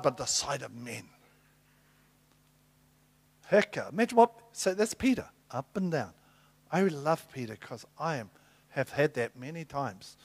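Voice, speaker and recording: A middle-aged man preaching a sermon, telling Bible stories and acting out the dialogue with big swings in loudness. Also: a little high. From New Zealand. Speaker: apostle preaching.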